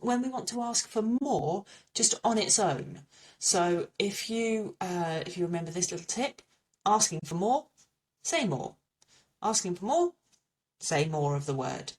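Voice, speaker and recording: A woman's voice: lowish voice, a little mellow, far from the mic. A woman with an English accent teaching a French pronunciation lesson, patiently repeating little memory tips.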